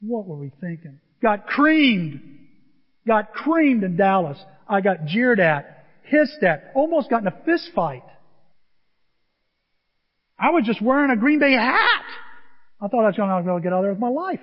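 A man in his sixties preaching a sermon, telling a personal story in an animated, emotional way. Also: sits high, moderate pace. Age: 60s. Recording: echoey hall, dull lo-fi sound.

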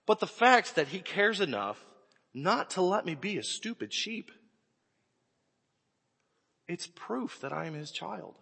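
Man in his 40s, pastor, lively husky voice, bright tone, sermon in a reverberant hall. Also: fairly high pitch, measured pace, pauses often. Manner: animated storytelling, bursts into shouts. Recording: echoey hall with long reverb.

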